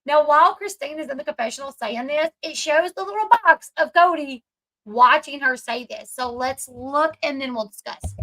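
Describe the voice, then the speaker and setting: A woman's voice: sits high, normal speed, pushed and bright, rough recording. A woman hosting a casual commentary recap, retelling scenes chattily and acting out what people said. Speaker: commentary channel host.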